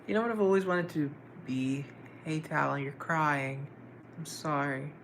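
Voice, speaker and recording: Live stream host, male, gravel in the voice, chatty and easygoing with viewers, faint hiss behind him. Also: on the high side, unhurried, a bit bright, rough recording. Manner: chatty, greets viewers and answers chat comments. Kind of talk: casual live stream chat.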